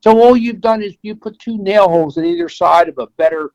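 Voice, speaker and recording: Older American man, vet guest on a talk show. Folksy, chatty storyteller who acts out his quotes, slightly high voice, dry close mic. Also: a little fast, darkish tone, dry recording, lo-fi sound. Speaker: veterinarian guest. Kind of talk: conversational interview.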